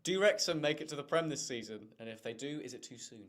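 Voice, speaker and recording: A man reading viewer questions aloud on a casual livestream, chipping in with quick quips. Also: mid-range voice, animated, a bit bright. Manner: brisk, reads out comments, quick quips.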